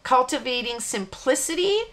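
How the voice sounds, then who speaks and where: A woman's voice: high voice, animated, moderate pace, a bit bright. A woman hosting a live card-making tutorial, chatting casually and rambling with easy laughs. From Canada. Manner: rambling, self-interrupting, laughs easily.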